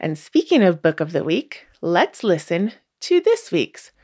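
A woman's voice: on the low side, sing-song, a little slow, a little mellow, soft background music. Chatty, enthusiastic woman podcast host. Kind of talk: podcast interview and promo reading.

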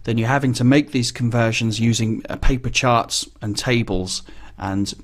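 Guy pilot chatting about flying, wry and easygoing, lots of little uh pauses, middle pitch. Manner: conversational and wry, with frequent "uh" pauses. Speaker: business jet pilot. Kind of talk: casual explanatory monologue.

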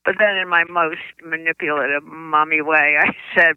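An older woman, a children's book author, telling stories in an interview, with halting speech and frequent restarts, on slightly muffled lo-fi audio. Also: deep voice, fairly even intonation, clean tone, no room sound. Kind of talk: conversational interview storytelling.

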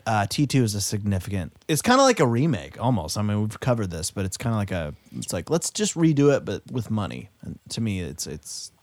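A man's voice: on the low side, sing-song, fairly quick, hardly any pauses, no echo. A man co-hosting a casual movie podcast, giving opinionated takes. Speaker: podcast co-host.

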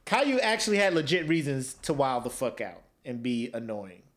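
Lively, teasing man on a comedy podcast. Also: medium pitch, moderate pace, slight background noise. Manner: laughing, teasing, lively questioning. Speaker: podcast co-host. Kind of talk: comedic casual chat.

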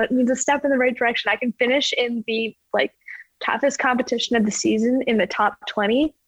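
A woman's voice: a little high, a bit bright, no echo. Chatty young woman, muffled audio. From Canada. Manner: chatty, fills speech with "like". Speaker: ski jumper guest. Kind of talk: casual interview chat.

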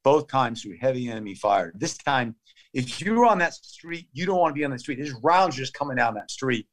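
A man's voice: medium pitch, lively intonation, moderate pace. A man in his fifties sits for an interview. He gives an urgent, vivid play-by-play in short clipped phrases. He often restarts a thought as he goes. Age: 50s. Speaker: interview guest. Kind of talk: conversational storytelling.

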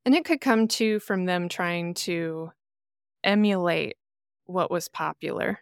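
A woman from the American Midwest talks as a podcast guest, telling stories with animated quoted voices. Her voice sits a bit low and comes across smooth and resonant. The sound is dry and close. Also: takes it slowly, no room sound. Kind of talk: casual podcast conversation.

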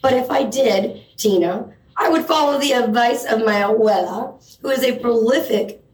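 A woman's voice: a little high, moderate pace, darkish tone. A woman co-hosting a comedy news segment on stage, joking and self-absorbed and urging the audience to laugh. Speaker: comedy co-host. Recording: echoey room from far off.

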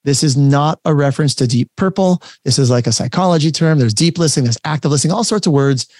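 A man coaching a workshop over a video call, talking in an energetic, conversational and emphatic way. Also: a little high, quick pace, no room sound, clean studio sound. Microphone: webcam setup, facing camera.

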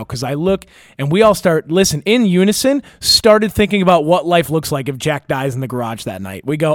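Young man, casual storyteller, rambling and swearing, slightly high voice, dry close sound. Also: quick pace, dry recording. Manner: rambling, profane, laughing, many fillers and restarts.

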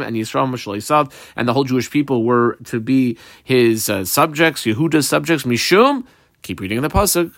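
A man works through a Talmud page line by line. He reads each phrase of the original text and then explains it in plain conversational English, pausing often on fillers. His voice sits at a middle pitch, and the recording is dry and close. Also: a bit bright, no echo. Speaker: Talmud teacher.

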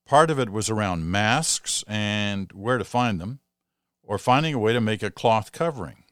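A man's voice: fairly low pitch, lively intonation, moderate pace, fairly bright tone, clean tone, dry recording. Canadian male podcast host, dry sound. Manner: chatty, thinks aloud in asides. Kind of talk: reading listener mail with casual asides.

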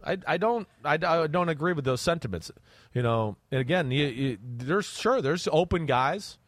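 Man, casual football podcast talk, blunt, emphatic, swears, animated pitch, dry close mic. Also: moderate pace, no room sound. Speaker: podcast co-host, draft analyst.

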